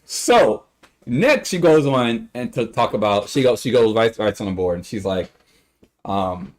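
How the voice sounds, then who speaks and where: A young man live streaming, telling a story to his chat in a casual, animated way, laughing and swearing freely. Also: lowish voice, a little slow. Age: young adult.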